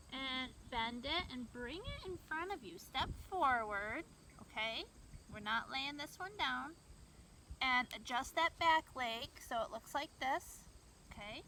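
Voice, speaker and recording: High-pitched lady leading kids yoga, slow and gentle, far from the camera, lots of outdoor noise. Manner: gentle, encouraging, talks to kids directly. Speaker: kids' yoga teacher. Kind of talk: guiding a children's yoga class. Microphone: camera mic from far away. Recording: distant voice with outdoor background noise.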